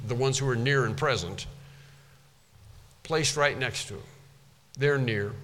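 A man's voice: medium pitch, pushed and bright. A man teaching from the Bible, explaining word by word and repeating phrases for emphasis. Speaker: preacher. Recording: long hall reverb.

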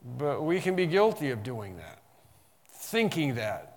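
A man preaching an expository sermon, emphatic, slowing on key phrases and rising in bursts. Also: mid-range voice, very animated, long reverb tail. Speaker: pastor.

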